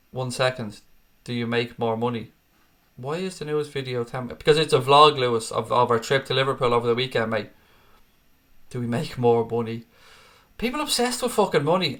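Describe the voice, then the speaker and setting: A man's voice: medium pitch, pushed and bright. A tired man hosting a football fan live stream, chatting casually and answering viewer comments by name, calling them mate.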